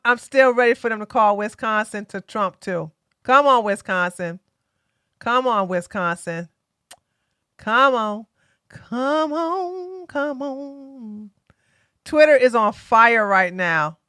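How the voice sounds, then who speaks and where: A woman hosting a casual political live stream, excitable and mocking, with loud bursts of laughter. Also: mid-range voice, measured pace, smooth, dry recording, studio quality.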